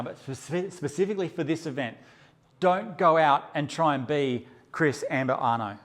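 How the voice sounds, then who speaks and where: A man's voice: on the high side, unhurried, long pauses, a bit bright. A man teaching a live workshop session, brash and joking and swearing freely as he addresses the audience. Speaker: photography workshop presenter.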